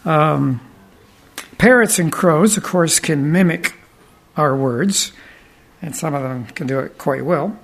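Guy with a gravelly kinda high voice rambling through folksy stories, lots of ums. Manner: rambling, folksy, with frequent pauses and restarts. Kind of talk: anecdotal storytelling talk.

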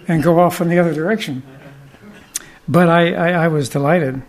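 A man telling folksy, rambling anecdotes, pausing often and restarting his sentences as he goes. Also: on the high side. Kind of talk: anecdotal storytelling talk.

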